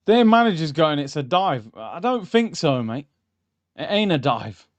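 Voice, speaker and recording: Excitable man reacting to a match. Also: a little high, unhurried. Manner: excitable, shouts at the screen, chatty tangents. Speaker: football watchalong host. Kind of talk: live match reaction commentary. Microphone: streaming mic.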